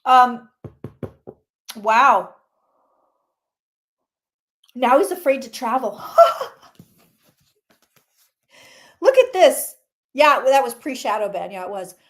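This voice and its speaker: A woman reading tarot cards on a casual livestream, chatty and excitable, greeting viewers by name and swearing mildly. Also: a little high, takes it slowly, long pauses.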